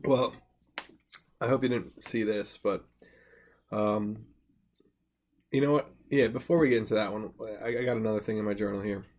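Young man, low-pitched voice, crude rambling podcast chat, swears freely. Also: steady tone, normal speed, long pauses, darkish tone. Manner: crude, rambling, laughing asides. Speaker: podcast co-host. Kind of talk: casual podcast banter.

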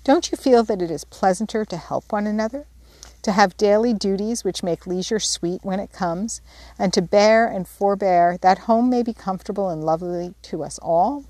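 A woman reading a wise, gentle mother of four girls, calm and earnest as she gives advice. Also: mid-range voice, normal speed, no room sound, natural voice.

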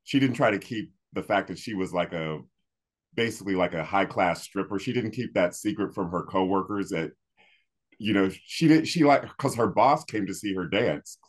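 A man's voice: sits low, moderate pace. A man co-hosting a podcast in a casual chat, thoughtful and hesitant, with many fillers. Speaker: podcast co-host. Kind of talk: casual chat about old TV.

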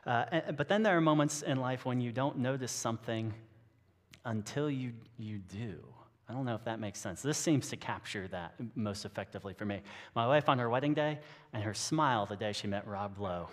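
A man preaches in a relaxed, joking way, often stopping and restarting his sentences. His voice sits at a middle pitch. It rings with the long reverb of a large church hall. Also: moderate pace. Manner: conversational and joking, with frequent restarts. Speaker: pastor. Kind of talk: sermon. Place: church sanctuary.

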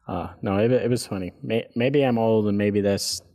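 A man's voice: on the low side, warm tone. A man co-hosting a podcast, telling a rambling, profane story in casual chat and laughing as he goes. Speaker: podcast co-host.

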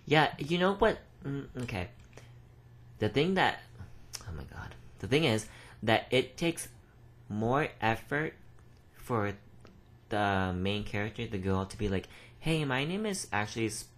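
A man's voice: on the low side, animated, takes it slowly, pauses often, fairly bright tone. A man co-hosting a podcast, chatting casually in a rambling way and swearing now and then. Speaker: podcast co-host. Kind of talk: casual chat.

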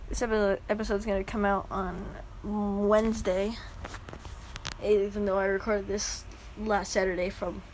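A woman's voice: medium pitch, darkish tone, slight background noise, low-quality recording. A young woman hosting a podcast, reading a story aloud and then rambling casually with a giggly, self-deprecating manner. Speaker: podcast host.

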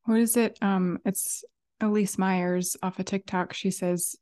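A woman co-hosting a casual chat, relaxed and laughing as she shares stories from home. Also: mid-range voice, measured pace. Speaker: podcast co-host.

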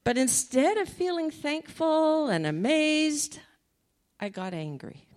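A woman sharing a personal faith testimony in an animated storytelling manner, laughing often. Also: high voice, slow.

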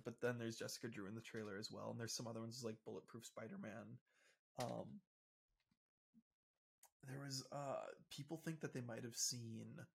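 A young man co-hosting a laid-back podcast chat, his voice gravelly with a husky edge. He walks through comic storylines in a loose, meandering way, stacking fillers as he goes. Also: mid-range voice, fairly bright tone. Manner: rambling explainer, lots of "like" and "um". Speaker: podcast co-host. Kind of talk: casual chat.

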